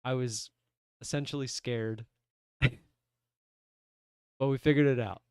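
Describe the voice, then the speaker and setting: Smooth-voiced young man telling a story. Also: mid-range voice, slow pace, no echo, clean studio sound. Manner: animated, rambling, many restarts and "I'm like". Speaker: livestream day trader. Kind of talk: casual storytelling on a livestream. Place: home room at a computer desk.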